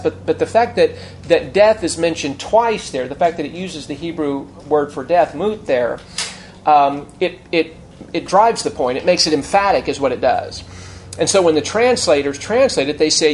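A man preaching an expository sermon in a conversational teaching manner, restarting phrases and slowing down to stress key words. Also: on the high side, expressive, a little hiss or hum. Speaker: pastor.

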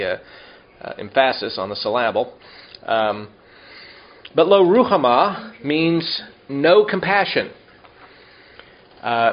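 Guy teaching bible class, talks it through casually, slows down for hebrew words, kinda muffled recording. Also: mid-range voice. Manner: explains Hebrew words slowly, with asides and questions to listeners.

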